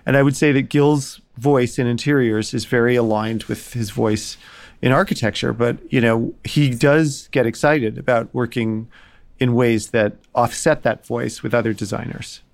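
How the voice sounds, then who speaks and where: Middle-pitched man, designer panelist, candid and dry-humored. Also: steady tone, normal speed, creaky. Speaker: interior designer. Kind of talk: panel discussion.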